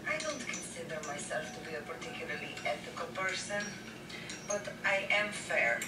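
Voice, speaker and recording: An actress with an Italian accent playing a glamorous, scheming woman of a fashion dynasty in a film, with a slow, sultry delivery, heard from a distance. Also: low voice, roomy sound, very noisy, natural voice. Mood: icy. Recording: film audio heard from across a room, loud score.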